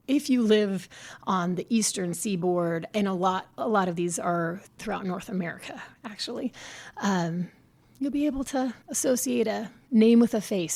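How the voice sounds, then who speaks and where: Woman podcast host, bird expert, informal teaching tone, chatty with a few fillers. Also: mid-range voice. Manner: chatty, explains plainly with some fillers. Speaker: podcast host and avian ecologist.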